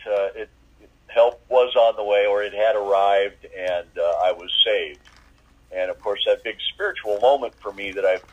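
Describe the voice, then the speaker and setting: A man giving a personal faith testimony as an interviewee, talking in a halting way with many fillers and restarts. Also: lowish voice, highs cut off.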